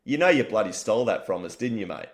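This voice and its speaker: A man's voice: lowish voice, big pitch swings, quick pace, noisy background. A man voicing a teasing, blunt older community elder.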